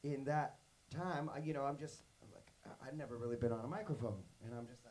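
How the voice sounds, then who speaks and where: A man talks to young students in a loose, rambling storytelling style, leaning on fillers like "like" and "you know." He slips into playful acted-out voices for the people in his anecdotes. His voice sits at an ordinary middle pitch for a man. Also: fast talker, a little mellow. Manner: acts out quoted voices in his stories. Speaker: musician leading a workshop.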